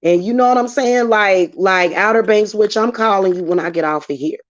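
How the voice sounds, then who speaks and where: A woman's voice: medium pitch, moderate pace, no echo. Woman venting to her viewers, cussing, worked up, muffled dry sound. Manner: heated, profane, emotional ranting. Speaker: witchcraft vlogger. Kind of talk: casual venting vlog.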